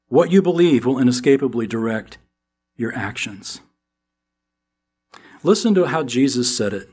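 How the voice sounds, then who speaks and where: A middle-aged American man preaching a sermon as pastor, with animated delivery that climbs into emphatic questions. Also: mid-range voice, a little slow, long pauses, slightly rough.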